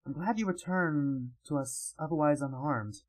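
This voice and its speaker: A man's voice: a little high, moderate pace, voice pushed down, close to an everyday voice, rough recording. A man reading a giggly young servant girl. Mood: teasing. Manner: polite and giggly. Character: polite, teasing young female servant.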